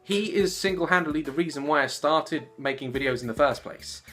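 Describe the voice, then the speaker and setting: A young man in his late twenties chats to camera with a bright, forceful voice, laughing often and bouncing between jokes. Soft music plays quietly underneath him. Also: brisk. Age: 20s. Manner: giggly and animated, jumping into squeaky voices. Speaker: YouTuber answering fan questions. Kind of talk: casual Q&A vlog.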